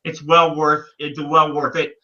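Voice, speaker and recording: A man, co-hosting a casual online show, animated and swearing freely. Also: a little high, unhurried, muffled recording. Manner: animated, swears, calls people dude. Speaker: podcast co-host. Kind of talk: casual chat. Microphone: video call.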